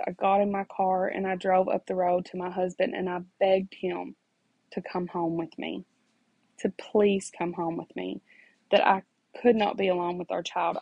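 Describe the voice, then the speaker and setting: A mother earnestly shares her own story and preaches faith, addressing listeners directly and repeating phrases for emphasis in a personal testimony of encouragement. Her medium-pitched voice is creaky and darkish with a breathy edge, and the recording is muffled.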